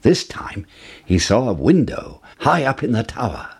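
A man reads a fairy tale at an unhurried pace, his pitch rising and falling widely. The voice is somewhat breathy. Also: very animated. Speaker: storyteller. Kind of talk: children's story narration.

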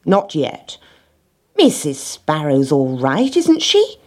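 A woman voicing a lazy, slow-witted male dog with a drawling, lazy manner in a storybook reading, her voice husky. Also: deep voice, huge pitch swings, darkish tone, full character voice.

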